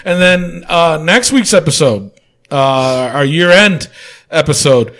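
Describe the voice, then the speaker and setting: A man's voice: fairly high pitch, animated, takes it slowly, a bit bright. A man hosting a casual wrestling podcast, joking around, laughing often and swearing casually. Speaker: podcast host.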